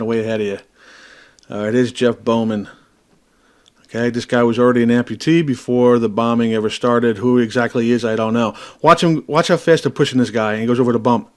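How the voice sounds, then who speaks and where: A man giving an agitated, profane video commentary, pressing the viewer with repeated questions. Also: medium pitch. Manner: talks straight to the viewer with constant tag questions.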